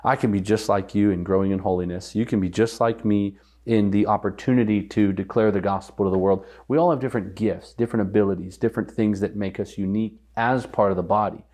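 A man's voice: lowish voice, steady tone, fast talker, hardly any pauses, mellow. A man speaking as a guest on a podcast, earnestly teaching and repeating phrases for weight.

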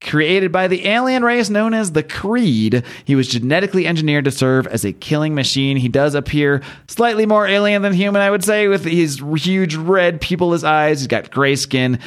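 A man co-hosting a comics podcast, recapping a story in a casual, animated way and laughing at his own jokes. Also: on the high side, moderate pace, hardly any pauses. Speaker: podcast co-host. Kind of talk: casual chat.

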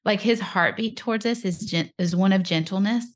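A woman hosts a podcast in a casual, affirming way and keeps dropping in brief agreements as she talks. Her voice sits at a middle pitch for a woman. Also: a little fast. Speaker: podcast host.

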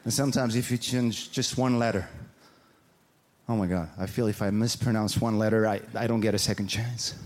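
A man with a French accent performing stand-up comedy, animated and mimicking voices and mispronunciations. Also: fairly low pitch, moderate pace. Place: large theater with live audience. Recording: live stage recording with audience noise.

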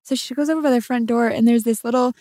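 A young adult woman co-hosting a podcast, telling personal stories in a soft-spoken way with frequent laughs. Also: fairly high pitch, steady tone, quick pace, no room sound, studio quality. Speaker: podcast co-host. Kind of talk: casual storytelling chat.

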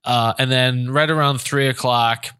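A man's voice: medium pitch, steady tone, unhurried, sharp tone, clean tone, dry recording, clean studio sound. A man co-hosting a podcast, telling stories in a casual chat and laughing often. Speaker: podcast co-host.

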